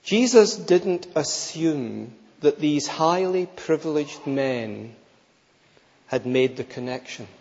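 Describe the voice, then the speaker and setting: Slow, emphatic male preacher in a hall. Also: a little high, expressive, gravelly, a little mellow. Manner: emphatic, rhetorical, repeats key phrases. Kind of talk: sermon. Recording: long reverb, slightly dull sound.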